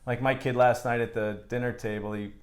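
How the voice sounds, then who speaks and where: A man's voice: mid-range voice, steady tone, brisk. A man hosting a casual interview chat, easygoing with a sarcastic streak. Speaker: host.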